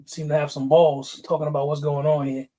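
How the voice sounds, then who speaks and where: A man's voice: fairly high pitch, little pitch movement, brisk, mellow. A man hosting a casual livestream, greeting chatters by name, laughing often and getting fired up. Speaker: livestream host.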